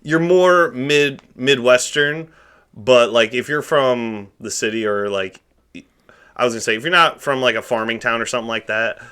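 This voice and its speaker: A young man co-hosts a relaxed podcast, with a bright, forceful voice. He rambles and circles back on himself as he works out what he wants to say. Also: mid-range voice, moderate pace, smooth. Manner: rambling, restarts his thoughts often. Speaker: podcast co-host. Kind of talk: casual chat.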